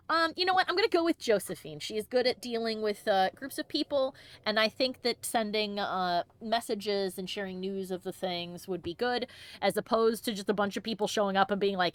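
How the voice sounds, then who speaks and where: A woman's voice: mid-range voice, brisk, no room sound. A woman hosting a game let's play, chatting playfully, stumbling over fantasy names and reading in-game letters aloud.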